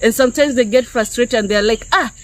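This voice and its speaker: A woman's voice: fairly high pitch, fairly even intonation, fast, poor audio. A woman from Kenya giving an unscripted spiritual teaching to her online viewers, talking conversationally and often checking in with "yeah?" and "okay?". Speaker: YouTube preacher.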